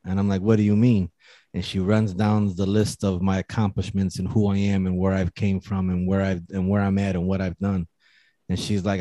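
A man's voice: deep voice, fairly even intonation, moderate pace, mellow, no echo. A man co-hosting a podcast, telling a personal story in casual, profane chat and mimicking other people's voices.

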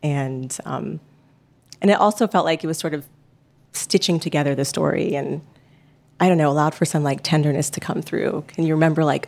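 A woman's voice: low-pitched, normal speed, gravelly, darkish tone. A woman answering interview questions, thoughtful and hesitant, full of fillers and restarts. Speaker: podcast host guest.

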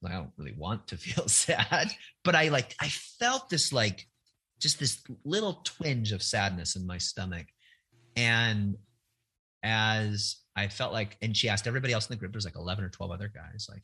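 A man's voice: lowish voice, expressive, normal speed, vocal fry, sharp tone, husky. A middle-aged man telling candid personal stories in a reflective, earnest way, often restarting his sentences. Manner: reflective, earnest, hesitant with many restarts and fillers. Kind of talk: candid conversational storytelling.

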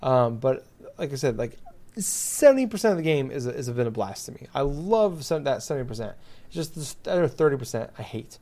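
A man's voice: mid-range voice, very animated, fairly quick, warm tone. A man chatting casually who rants with exasperation and swears freely. His speech is loose and filled with fillers. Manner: profane, exasperated ranting with many fillers. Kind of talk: casual chat.

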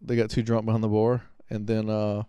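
A man's voice: on the low side, completely flat delivery, fairly quick, mellow, smooth, no echo, highs cut off. A man co-hosting a casual podcast, telling stories in a rambling way with many fillers and restarts. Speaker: podcast co-host. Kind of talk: casual chat.

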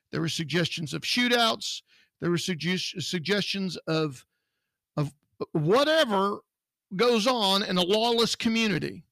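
Blunt gravelly high-voiced man. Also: sharp tone, dry recording. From Texas. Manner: blunt, indignant, emphatic. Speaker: podcast co-host, security business owner. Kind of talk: casual opinionated chat.

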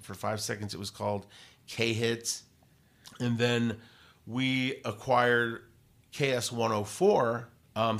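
A male radio host in a relaxed interview, talking with lively, rambling energy. He circles back, restarts his sentences and drops plenty of fillers along the way. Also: lowish voice, gravelly. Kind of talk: casual interview storytelling.

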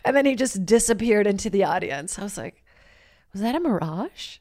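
Brief: woman in her thirties, stand-up comic hosting a podcast, brash and animated storyteller. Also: mid-range voice, moderate pace. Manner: brash, animated, acts out voices in quotes. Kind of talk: casual storytelling monologue.

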